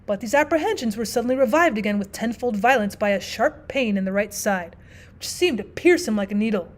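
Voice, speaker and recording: A woman teacher narrating a classic story aloud, expressive and lively, dropping in casual asides. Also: a little high, a little fast. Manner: expressive, with frequent "well" asides.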